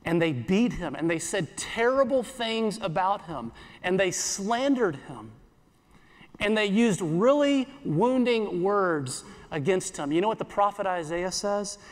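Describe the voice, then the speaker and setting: A pastor giving an earnest sermon in church, repeating phrases and slowing down for scripture. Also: male voice, high voice, animated, big-room sound.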